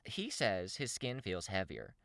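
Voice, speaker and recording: A man's voice: deep voice, wildly swooping pitch, unhurried, vocal fry, fairly bright tone, no echo, clean studio sound, pitched above the performer's own voice, exaggerated voice. A man doing a breezy, winking young woman. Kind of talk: audiobook character voice.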